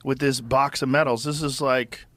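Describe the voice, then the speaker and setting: A man's voice: mid-range voice, steady tone, normal speed, a bit bright, no room sound. A middle-aged man hosting a podcast in casual chat, enthusiastic and often interjecting. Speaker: podcast host.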